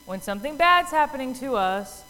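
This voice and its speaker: A woman's voice: high voice, expressive, a little fast, pushed and bright, big-room sound, low-quality recording. A woman giving a casual Bible talk, telling the story in a chatty way with many fillers and acting out the voices of the people in it. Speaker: Bible teacher.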